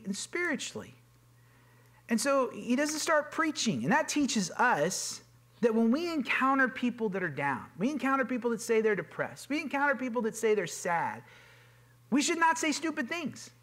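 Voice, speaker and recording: A pastor delivers a sermon in a loose, conversational way, his voice sitting high for a man. He is earnest and informal, often doubling back on words and filling gaps with casual asides. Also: very animated, normal speed, fairly bright tone. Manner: informal and earnest, with frequent fillers and repeated words. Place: church sanctuary.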